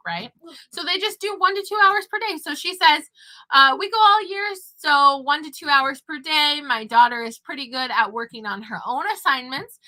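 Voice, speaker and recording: A bright, high-voiced, chatty mom talks casually to the camera. She is a homeschooling mother and online teacher, and she talks with her child between points.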